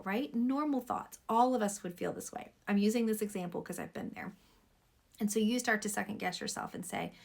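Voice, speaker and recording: A woman's voice: mid-range voice, steady tone, normal speed, vocal fry. A woman pediatrician talking straight to camera, earnestly advising parents.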